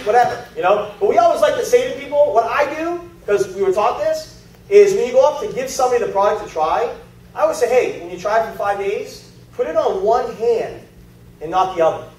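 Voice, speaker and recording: A man with a very high, slightly mellow voice gives a conversational sales pitch to an audience in a meeting room. He tells stories and puts questions to the group, and the recording picks him up from far off in an echoey space.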